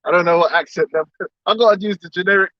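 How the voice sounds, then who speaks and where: High-voiced man lecturing emphatically. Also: steady tone, fast talker, dry recording. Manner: emphatic, rhetorical questions, repeats words. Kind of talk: impassioned lecture. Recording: dull, dry recording.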